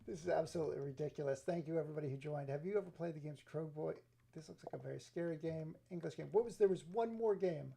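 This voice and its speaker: A man live-streaming, rambling excitably to his chat viewers with frequent laughs. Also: fairly high pitch, fast talker, vocal fry, a little hiss or hum. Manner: excitable, scattered, talks to chat, laughs often.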